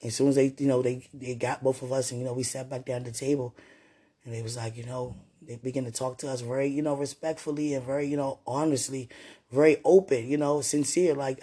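A woman on her podcast, telling a personal story straight to her partner in a lively way, acting out what people said and often speaking of God. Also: extremely low pitch, fairly quick, breathy edge. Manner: animated retelling that acts out quoted voices; religious, speaks of God and the Holy Spirit. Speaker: podcast host. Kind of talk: casual storytelling addressed to a partner.

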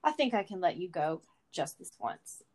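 A woman's voice: on the low side, very animated, moderate pace, darkish tone. A woman reading a hopeful young soldier. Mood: firm. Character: hopeful young male soldier, gentle and firm.

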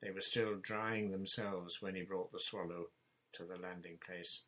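A man narrating a children's story chapter in a measured, plain reading voice. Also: deep voice, steady tone, pushed and bright, poor audio. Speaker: audiobook narrator.

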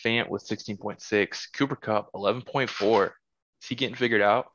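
A man's voice: fairly low pitch, steady tone, normal speed, a bit bright, lo-fi sound, slight background noise. A man hosting a casual podcast, reading off fantasy football scores and teasing his friends. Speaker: podcast host.

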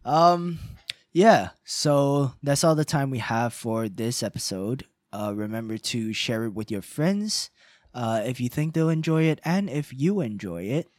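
A man's voice: medium pitch, lively intonation, measured pace, darkish tone, dry recording, studio quality. Casual young-sounding podcast host man. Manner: casual, swears, laughs easily. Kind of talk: casual podcast chat and sign-off.

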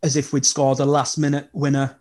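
A young man, chatting casually and telling animated football stories as a podcast guest. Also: mid-range voice, a little fast. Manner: animated storytelling with laughs. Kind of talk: casual chat.

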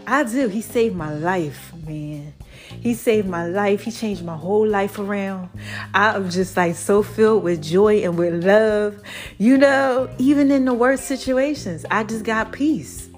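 A woman hosting her own faith podcast in a casual, preachy monologue, animated and laughing often. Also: mid-range voice, a little slow, faint music behind. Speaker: podcast host.

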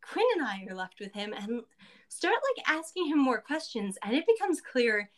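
A woman's voice: a little high, big pitch swings, moderate pace. A woman casually recapping a tabletop game session, chatty and full of asides.

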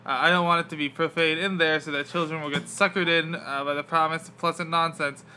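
Bright-voiced young man, halting podcast chat. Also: fairly high pitch, flat delivery, slight background noise. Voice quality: bright, halting delivery with many fillers. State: on painkillers after wisdom teeth removal. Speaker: podcast host.

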